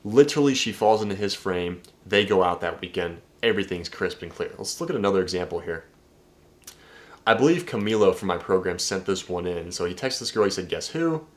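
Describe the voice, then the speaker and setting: A man's voice: sits low, expressive, fairly quick. A man coaching viewers on dating in a casual video breakdown, talking emphatically, swearing and addressing the audience directly.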